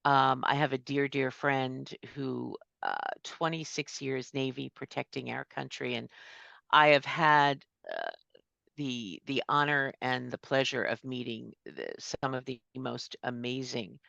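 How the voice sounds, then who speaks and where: A woman's voice: extremely low pitch, a little slow, gravelly, a bit bright, no echo, dull audio. A woman in her fifties giving a casual, chatty talk at a summit over a video call, with many fillers and asides. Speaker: speaker at a summit.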